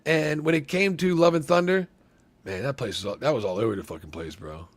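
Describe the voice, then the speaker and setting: A man hosting a casual trailer reaction, talking in a rambling, profane, excitable way with lots of restarts. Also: medium pitch, a little fast. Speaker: movie reaction host.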